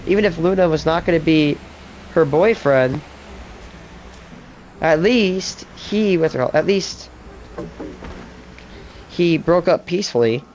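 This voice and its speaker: A man's voice: fairly high pitch, measured pace, pauses often, darkish tone, slight background noise. A man streaming a game, commenting casually with rambling asides and fillers. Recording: music in the background.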